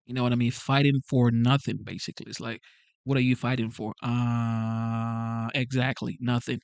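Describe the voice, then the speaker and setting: A man's voice: mid-range voice, level tone, moderate pace, smooth, dry recording. Earnest immigrant man on a dry mic. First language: not English. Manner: earnest, pleading, repeats himself. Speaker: channel host reading live chat. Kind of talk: casual livestream talk.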